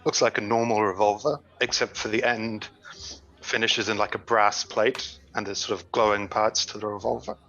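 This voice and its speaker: A man's voice: on the low side, steady tone, normal speed, bright, forceful tone, highs cut off. A man playing a tabletop game, hesitantly describing his character's weapon. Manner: hesitant, describing things with fillers. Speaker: player.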